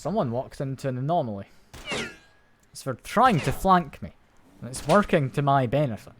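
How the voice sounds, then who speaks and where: A man's voice: medium pitch, expressive, moderate pace, background noise. Man streaming a shooter, gunfire behind. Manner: thinks aloud, wry self-mocking jokes. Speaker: streamer playing a shooter game. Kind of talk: live gameplay commentary. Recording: loud game gunfire and ambience behind voice.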